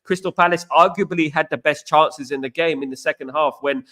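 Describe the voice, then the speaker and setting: A man's voice: on the high side, a little fast, fairly bright tone. A man hosting a live fan stream, greeting chat viewers by name and talking through a match in a loose, chatty way. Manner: chatty, greets viewers by name, frequent "you know what". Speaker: fan channel host.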